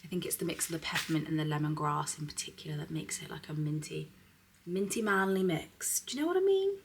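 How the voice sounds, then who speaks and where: Woman, lowish voice, casual chatty unboxing talk, swears freely, drops into soft half-whispers. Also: expressive, fast, slightly rough. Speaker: beauty vlogger. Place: at home, indoors.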